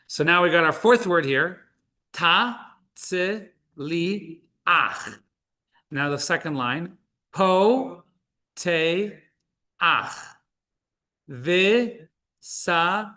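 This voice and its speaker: Teaching Hebrew reading online via video call, a man with a slightly high, pushed and bright voice patiently sounds out each syllable individually.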